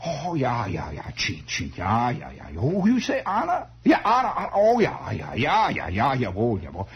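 A man's voice: medium pitch, wildly swooping pitch, normal speed, husky, exaggerated voice. A man voicing a confused, forgetful elderly uncle with a German accent, who repeats words while trying to follow along.

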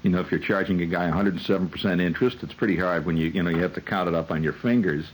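A man's voice: low-pitched, steady tone, racing, slight background noise, poor audio. A man who hosts on the radio, telling a rambling, wry comic monologue full of digressions and hesitations. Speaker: radio host.

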